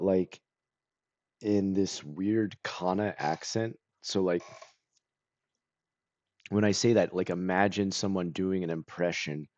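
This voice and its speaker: A man chatting casually on a stream, rambling with lots of "like" and clearing his throat and coughing now and then. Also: sits low, darkish tone, no echo. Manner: rambling, full of "like" and self-corrections.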